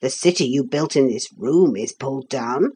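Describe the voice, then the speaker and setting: Mister Noah, a woman voicing a calm wooden toy man. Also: extremely low pitch, normal speed, slight background noise, pitched below the performer's own voice. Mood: patient. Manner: calm, explaining, matter-of-fact. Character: small wooden toy man come alive, calm and patient.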